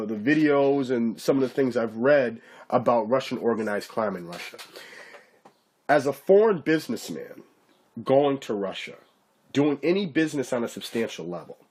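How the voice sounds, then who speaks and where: A man giving a casual, profane ranting commentary to camera, mocking his target and often asking if you get what he's saying. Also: mid-range voice. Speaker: YouTube commentator.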